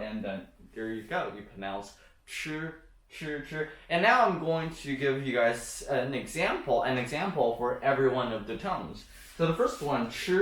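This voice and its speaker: A man's voice: medium pitch, far from the mic. Young man teaching in an echoey room. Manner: chatty, self-joking, many fillers. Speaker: language teacher. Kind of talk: casual pronunciation lesson.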